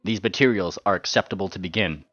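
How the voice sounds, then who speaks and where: Stoic male earth pony mentor, voiced by a man, monotone, telepathic, low voice, dry dull recording. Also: quick pace, dry recording, soft background music. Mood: stern. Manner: flat monotone. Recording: dull lo-fi sound.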